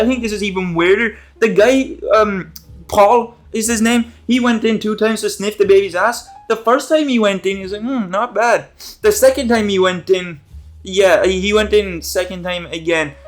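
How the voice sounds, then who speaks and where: A man recapping a TV episode in casual online commentary, rambling, jokey and profane. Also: sits high. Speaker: YouTube commentator.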